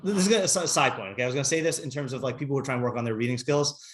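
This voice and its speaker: A middle-aged rabbi with a medium-pitched voice teaches a casual class. He's chatty and quick to laugh, often breaking off mid-sentence.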